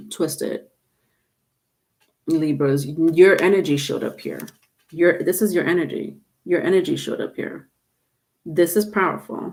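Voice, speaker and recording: Tarot reader, woman, low and unhurried, chatty with viewers on a live stream. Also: darkish tone. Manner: chatty, reads viewer comments aloud.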